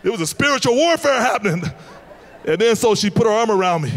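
A male American pastor preaching a sermon, telling a personal story with laughs and shouted emphasis. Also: high-pitched, a little fast, long pauses. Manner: animated testimony, laughing, rising to shouts.

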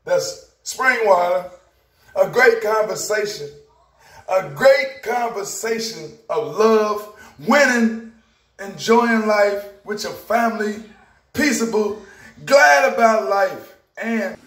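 A man's voice: sits high, animated, slow pace, a bit bright. A man, talking casually and preachily about healthy eating, repeating his phrases. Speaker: vlogger and healthy-lifestyle promoter. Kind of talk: casual motivational vlog. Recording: roomy, echoey room.

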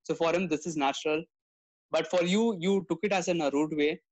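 A man's voice: fairly high pitch, a little fast, darkish tone, low-quality recording. A man hosting an interview, who laughs easily and muses aloud in a reflective, casual way.

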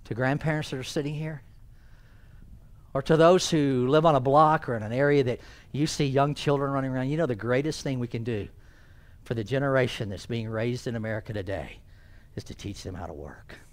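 A man preaching a sermon as pastor in a church, swinging from loud emphasis down to hushed near-whispers. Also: mid-range voice, fairly even intonation, fairly quick.

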